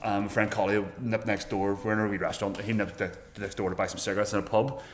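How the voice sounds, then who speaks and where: A man with a Northern Irish accent telling stories in a casual chat, animated and swearing freely. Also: fairly low pitch, fast. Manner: animated storyteller, mimics voices, swears freely. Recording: echoey room.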